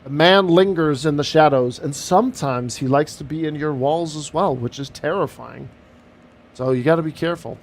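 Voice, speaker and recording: A man's voice: a little high, moderate pace, a little hiss or hum. A man streaming a flight sim, chatting casually and joking while he talks through each step of the cockpit setup. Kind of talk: casual live-stream commentary.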